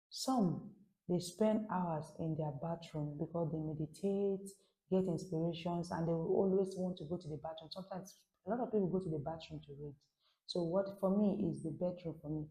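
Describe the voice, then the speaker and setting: Mellow-voiced woman teaching a casual lesson. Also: low-pitched. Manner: chatty, musing aloud to viewers. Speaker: French teacher. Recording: roomy echo.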